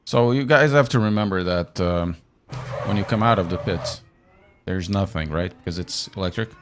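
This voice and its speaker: Male sim racing streamer, lowish voice, restless and self-interrupting, faint engine hum behind. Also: moderate pace. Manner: fidgety, self-interrupting, talks to chat while fixing audio. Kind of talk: casual live stream chat while driving.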